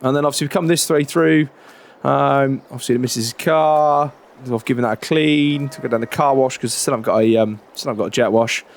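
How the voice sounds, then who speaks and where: A man, chatting in a relaxed, rambling way during a farming game roleplay. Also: mid-range voice, brisk. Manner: relaxed, chatty, many fillers and restarts. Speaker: roleplay creator.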